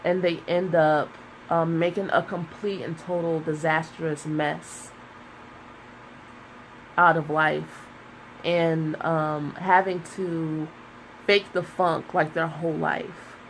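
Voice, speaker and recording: Woman tarot reader, low voice, tearful and hesitant, faint hiss behind. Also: level tone, takes it slowly, poor audio. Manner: emotional, searching, with many fillers. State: close to tears. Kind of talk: casual tarot reading.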